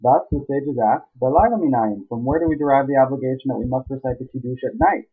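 A man's voice: mid-range voice, lively intonation, quick pace, breathy edge. A man teaching a Talmud page. He reads the Aramaic lines and then translates and explains them. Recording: tinny phone-like line.

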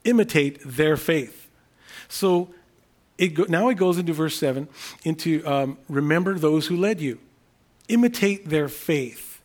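A man preaching a sermon in an earnest, unscripted way, often restarting phrases and repeating key words slowly for emphasis. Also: a little high, expressive. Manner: earnest, thinking aloud with frequent restarts. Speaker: pastor.

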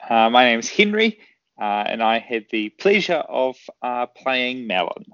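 A man talks as a guest player on a podcast, pausing and searching for words. His voice sounds dry and close, with a dull lo-fi quality. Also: medium pitch, very animated, fairly bright tone, no room sound. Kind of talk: casual podcast chat.

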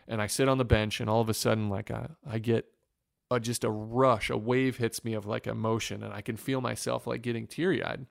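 A man from Northwest Ohio, a former pitcher, telling an earnest and emotional story in an interview. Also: little pitch movement, a little fast, gravelly, dry recording, studio quality. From Northwest Ohio, USA. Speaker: former professional baseball pitcher, guest.

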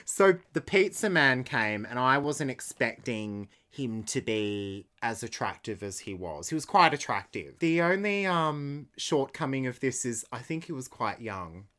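A man's voice: medium pitch, sing-song, unhurried, hardly any pauses, pushed and bright. An Australian man co-hosting a radio show, bantering in a playful, self-mocking way and laughing often. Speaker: radio co-host.

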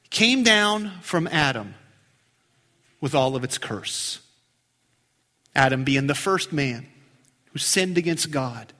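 Slow, high-voiced preacher in a reverberant hall. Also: male voice. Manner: emphatic, drawn-out phrases with sudden drops to a hush. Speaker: pastor. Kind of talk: sermon. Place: church sanctuary.

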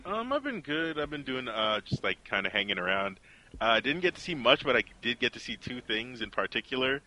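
A man's voice: medium pitch, sing-song, a little fast, bright, forceful tone, poor audio. A man co-hosting a casual film podcast, wry and blunt in his remarks. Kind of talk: casual chat.

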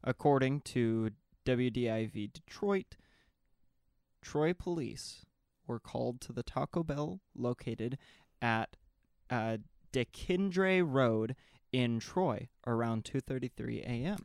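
A man reading news items aloud during a casual chat, steady and deadpan between short replies. His voice has a gravelly, creaky edge at a middling pitch. The recording is dry and close. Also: takes it slowly, no room sound. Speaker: podcast co-host reading news.

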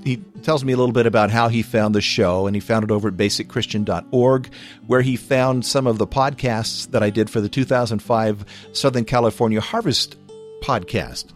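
A man's voice: mid-range voice, steady tone, fairly quick, soft background music. An American man hosting a podcast, chatting loosely and chuckling as he answers listener questions, with many fillers and restarts. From United States. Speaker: podcast host.

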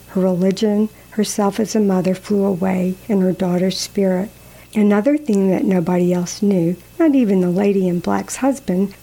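A woman calmly reading a story aloud in a measured, gently expressive way. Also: medium pitch, husky, low-quality recording. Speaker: narrator.

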